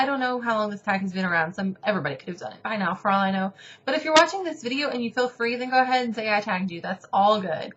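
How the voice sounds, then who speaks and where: A woman's voice: fairly high pitch, fairly bright tone, lo-fi sound. Chatty rambling woman book vlogger. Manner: chatty, rambling, self-deprecating. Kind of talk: casual chat to camera.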